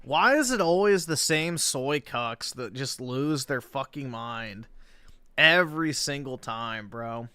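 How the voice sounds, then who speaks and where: A man makes mocking, profane remarks in a slow, unhurried drawl. His voice is smooth and clear, and the recording is dry and close. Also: mid-range voice, lively intonation, bright, forceful tone, no echo. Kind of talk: mocking live commentary.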